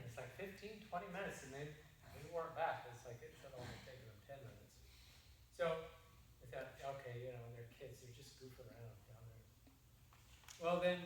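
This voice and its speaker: A man's voice: fairly high pitch, a bit bright, slight background noise. A middle-aged man giving a seminar talk, telling a story in a folksy, rambling way with many restarts. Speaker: seminar presenter. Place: seminar room. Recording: distant mic in an echoey room.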